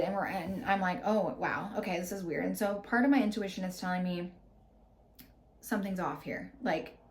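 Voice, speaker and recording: A woman in her thirties hosting a podcast, candidly retelling a personal story with lots of fillers and quoted reactions. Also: medium pitch. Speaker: podcast host. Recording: roomy echo.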